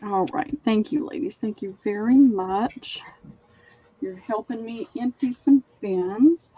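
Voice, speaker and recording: A woman's voice: mid-range voice, slow pace, warm tone, husky, poor audio. Chatty Southern woman selling linens. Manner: chatty, describes items in detail. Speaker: online sale host. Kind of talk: live-stream selling chat.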